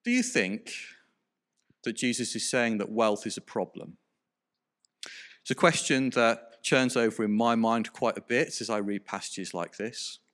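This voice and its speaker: A man's voice: on the low side, measured pace, fairly bright tone. A man preaching a sermon in a conversational way, often putting questions to his listeners.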